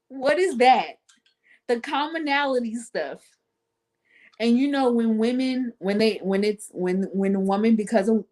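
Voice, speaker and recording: A woman telling casual, self-mocking stories in a playful, animated way, with speech patterns. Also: medium pitch. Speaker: guest on an online talk show. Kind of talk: casual storytelling monologue.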